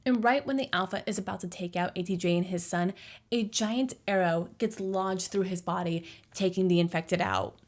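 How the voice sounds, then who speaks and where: A woman's voice: fairly low pitch, steady tone, normal speed. A young woman giving a casual, jokey movie recap, full of slangy asides.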